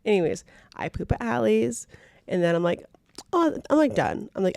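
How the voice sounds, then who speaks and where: Young woman podcast co-host; chatty, animated, laughing storyteller; mid-pitched, dry recording. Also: moderate pace, vocal fry, no room sound. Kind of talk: casual chat.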